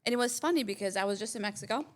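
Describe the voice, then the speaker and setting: A woman's voice: mid-range voice, rapid-fire. A woman co-hosting a podcast, telling a story in casual chat, acting out quotes and laughing often. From foreign-born. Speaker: podcast co-host.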